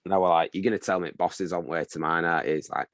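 A young man, exhausted after a long shift, telling a sweary, animated story on a video call. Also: low-pitched, rapid-fire, no room sound, studio quality. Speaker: video call chat participant. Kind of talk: casual chat.

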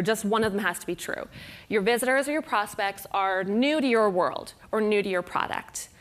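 A woman speaking about copywriting at a conference, casual and wry, acting out quick bits of mock dialogue. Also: mid-range voice, a bit bright. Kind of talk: conference talk.

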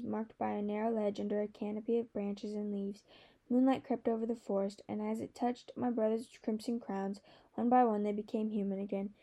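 Woman narrating in a mellow voice. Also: mid-range voice. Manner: measured, storytelling. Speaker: audiobook narrator. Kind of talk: scripted narration.

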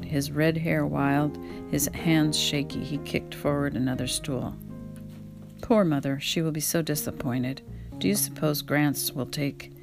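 A woman with a low, gravelly voice reads a memoir aloud at home at an easy pace. She drops into relaxed asides of her own between passages, while plucked guitar music plays clearly behind her. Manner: unhurried reading, breaks off to talk to her pet. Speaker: reader and podcaster. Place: home, indoors.

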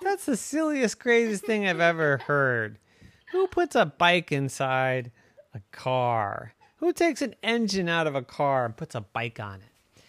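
A man's voice: on the high side, huge pitch swings, a little slow, fairly bright tone, no room sound, pitched above the performer's own voice, heavily acted. A man voicing a boastful, bullying big bad wolf car in a made-up bedtime story, cackling and bragging. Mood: protesting. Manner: gloating, cackling, then pleading.

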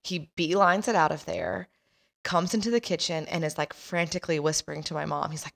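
A chatty woman in her thirties hosts a podcast and tells a story about her family. She laughs often and acts out the voices of the people in it. Her voice sits a little on the low side. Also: moderate pace, vocal fry, fairly bright tone. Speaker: podcast host telling a story. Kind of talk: casual storytelling.

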